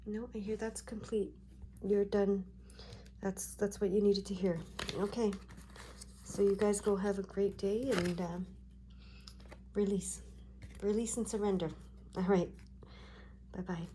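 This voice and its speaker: A woman giving a tarot card reading, talking gently and reassuringly with frequent check-ins to her viewers. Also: mid-range voice, steady tone, measured pace, long pauses, a little hiss or hum. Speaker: tarot reader.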